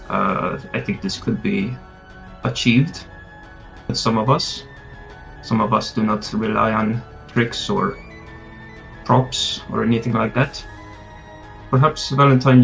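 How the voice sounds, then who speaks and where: Man doing a smooth British circus leader. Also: mid-range voice, fairly even intonation, measured pace, pauses often, a bit bright. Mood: welcoming. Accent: attempted British. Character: genial male traveling circus leader. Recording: lo-fi with faint music.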